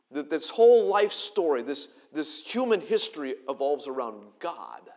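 A middle-aged male pastor delivers a sermon in a church auditorium. His voice sits a little high, and he moves between scripture and casual, self-deprecating stories with animated energy.

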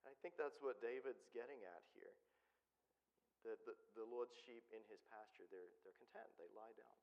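A man's voice: fairly low pitch, moderate pace. A man preaching a conversational sermon, often asking the congregation questions. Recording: dull sound with long hall reverb.

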